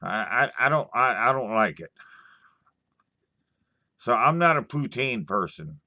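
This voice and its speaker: Slow, bright-voiced man rambling at stream chat. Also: mid-range voice, sing-song, no echo. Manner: halting, stammering restarts, frequent swearing; slow, sighing storytelling. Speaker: livestream host answering chat.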